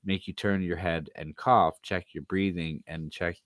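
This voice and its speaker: A tired man rants through a home livestream, swearing and throwing out sarcastic asides. His voice sits on the low side. The sound is dry, with no room around it. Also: fairly even intonation, measured pace, fairly bright tone, no echo. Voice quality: profane, sarcastic. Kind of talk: casual ranting livestream talk.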